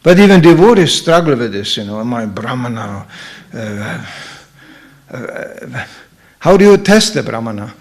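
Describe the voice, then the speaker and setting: At a temple, a middle-aged guest speaker with a slightly high voice talks a little slowly. His scripture class is funny and full of stories, which he brings to life by acting out the characters.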